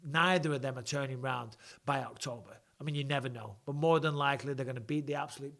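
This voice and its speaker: A man's voice: medium pitch, quick pace, creaky, fairly bright tone. A man, hosting a casual live stream and reading viewer comments with blunt, swearing, mock-annoyed banter. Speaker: host of a live show.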